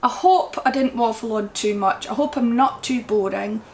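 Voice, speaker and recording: A woman's voice: a little high, moderate pace, a little mellow, a little hiss or hum. A woman with a Scottish accent chatting casually at home about yarn she bought, rambling and enthusiastic as she goes. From Scotland. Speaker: crochet vlogger. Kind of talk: casual yarn haul chat. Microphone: camera mic.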